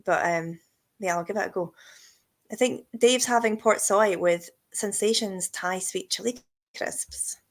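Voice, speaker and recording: A woman's voice: medium pitch, measured pace. A woman hosting a casual live-stream chat, chatty and giggly, teasing her guests. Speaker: host.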